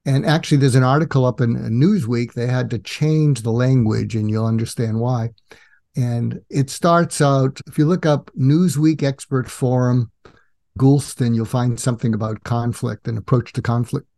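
A man's voice: medium pitch, normal speed, creaky. An older man, a guest psychiatrist, explaining in an interview and acting out quoted dialogue. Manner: animated, acts out quoted dialogue.

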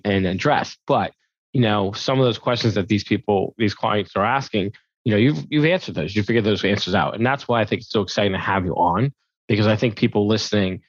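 A man co-hosting a podcast interview, rambling and restarting his sentences as he goes. He talks quickly in a slightly low voice. The sound is dull and muffled, with a dry, close feel from a hotel room. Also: breathy edge, no room sound. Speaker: co-host, attorney.

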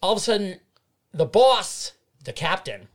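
A man telling a long story on a podcast, animated and full of swearing. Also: high-pitched, moderate pace. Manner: animated, profane anecdote-telling. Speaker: podcast co-host. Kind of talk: casual storytelling.

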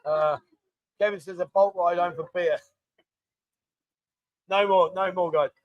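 A man's voice: high voice, steady tone, unhurried, no echo, muffled recording. A man hosting a casual live chat show from a bar, chatty and scattered, thanking people by name as he goes. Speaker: host. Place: Pattaya bar.

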